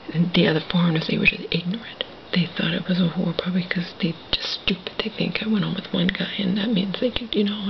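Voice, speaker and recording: A woman speaking to the camera in a hushed, gravelly whisper. Her voice sits low, and she swears bitterly as she talks. The recording is dull and lo-fi, with a faint hiss underneath. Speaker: vlogger. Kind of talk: whispered personal monologue.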